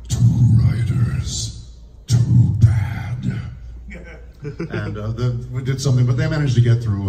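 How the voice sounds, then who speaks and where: Deep-voiced guy doing a voice panel, lively and laughing, roomy distant sound with faint noise. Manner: lively, demonstrative, laughs often. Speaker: voice actor and speech teacher. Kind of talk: convention panel talk. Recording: echoey room heard from a distance.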